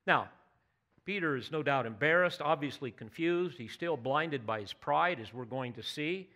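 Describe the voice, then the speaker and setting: A man's voice: fairly high pitch, expressive, normal speed, sharp tone. Earnest, emphatic man preaching a sermon. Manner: earnest, emphatic preaching with rising bursts of intensity; asks the listeners direct questions. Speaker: pastor.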